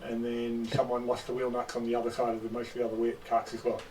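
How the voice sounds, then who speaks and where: A man's voice: mid-range voice, monotone, fast talker, darkish tone. A man at a game table earnestly explaining details, often restarting his sentences. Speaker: player. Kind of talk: casual chat at a game table. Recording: distant mic with faint noise.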